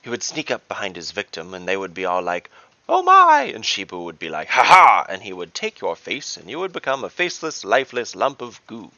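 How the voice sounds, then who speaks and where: A man's voice: low voice, animated, fairly quick, few pauses, pushed and bright, dry recording. A man voicing a mischievous male halfling trickster god in a gleeful, teasing, theatrical way. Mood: playful. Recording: dull dry lo-fi recording.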